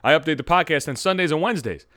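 A man's voice: on the high side, lively intonation, rapid-fire, pushed and bright, no room sound, studio quality. A man hosting a podcast, delivering a vulgar comedic monologue with lots of swearing and mock outrage. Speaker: podcast host.

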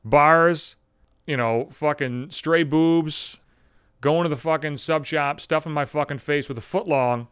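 A man with a fairly high voice rambles through a comic story on his podcast, swearing constantly and getting animated. The sound is dry and close to the mic. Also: measured pace, smooth, dry recording. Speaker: podcast host. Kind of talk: comedic storytelling monologue.

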